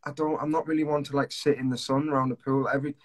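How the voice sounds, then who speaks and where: A man's voice: mid-range voice, level tone, quick pace. A man, a singer-songwriter, chatting casually in an interview on a video call, self-deprecating and full of restarts.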